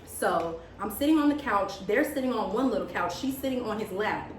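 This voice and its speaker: A young woman vlogger telling a story in casual chat, animated and dramatic, quoting what people said. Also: medium pitch, moderate pace, a little hiss or hum. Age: young adult. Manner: animated, dramatic retelling with gasps and quoted lines. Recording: echoey room, mic at a distance.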